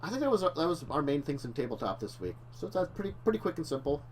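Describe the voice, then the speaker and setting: A man's voice: on the high side, very animated, fast talker, slight background noise. A man co-hosting a casual talk show, rambling and correcting himself, laughing often. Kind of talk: casual chat.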